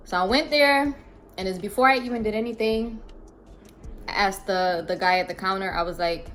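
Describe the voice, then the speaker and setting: A woman telling a story to her viewers in a casual vlog, animated and chatty, talking to her phone camera in an emptied apartment. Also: medium pitch, brisk, slight background noise. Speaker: vlogger. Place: apartment during a move. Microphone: phone camera propped up.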